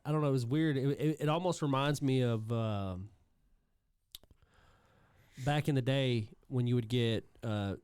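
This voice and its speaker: A man's voice: mid-range voice, measured pace, pauses often, a little mellow, clean tone, no echo, clean studio sound. A man co-hosting a podcast, talking casually and rambling, with restarts and offhand swearing. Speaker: podcast co-host. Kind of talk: casual chat.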